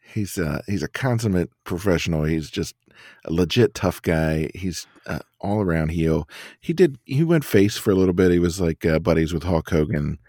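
Very low-voiced man, casual podcast chat. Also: warm tone, dry recording, studio quality. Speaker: podcast co-host.

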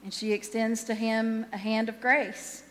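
A woman's voice: fairly high pitch, flat delivery, measured pace, a bit bright, big-room sound. A woman pastor giving a sermon in a conversational, self-deprecating way, often restarting her sentences.

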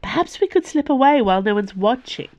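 Female narrator does a sharp, impatient young woman, pitched up, quick-tongued. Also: animated, dry recording, dull audio. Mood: pushy.

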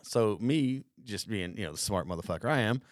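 A man's voice: on the low side, animated, brisk, no echo, clean studio sound. A man in his thirties hosting a casual podcast chat, telling a rambling army story full of swearing. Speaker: podcast host.

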